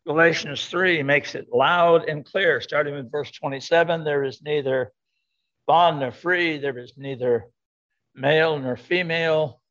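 A man's voice: on the high side, unhurried, fairly bright tone. An older man preaching a sermon to a congregation, emphatic, repeating his key words. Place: church sanctuary. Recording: dull lo-fi sound.

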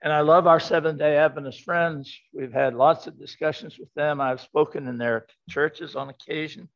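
A man's voice: fairly high pitch, fairly even intonation, normal speed, gravelly. An older man preaching a sermon to a congregation, emphatic, repeating his key words. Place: church sanctuary. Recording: dull lo-fi sound.

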